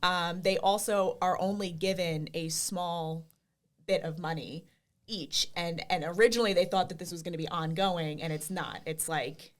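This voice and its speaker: A woman's voice: lowish voice, moderate pace. Chatty woman recapping a book. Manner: chatty, many fillers, laughs often. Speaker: podcast co-host, librarian. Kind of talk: casual chat, book review.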